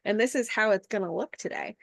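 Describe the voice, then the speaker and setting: A woman's voice: mid-range voice, brisk, vocal fry, no echo, clean studio sound. A woman hosting a podcast, talking reflectively in casual conversation with many fillers. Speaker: podcast host.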